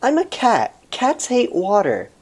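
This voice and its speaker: A man's voice: extremely high pitch, huge pitch swings, a little slow, slightly rough, voice pushed up, full character voice. A man voicing a sarcastic young female cat in a game, teasing and indignant.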